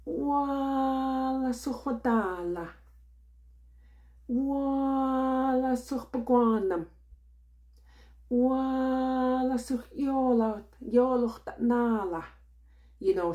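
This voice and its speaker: A language teacher, a woman with a fairly low voice and a thick Kwak̓wala-influenced English accent, teaches in a casual vlog. Her delivery is unhurried and loose, with plenty of fillers.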